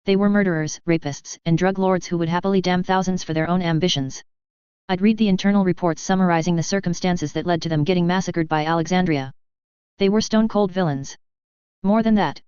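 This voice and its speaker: Brief: woman storyteller, lowish pitch, lo-fi dull recording, steady narration. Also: clean tone, no echo. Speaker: reader. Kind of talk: audiobook reading of fan fiction.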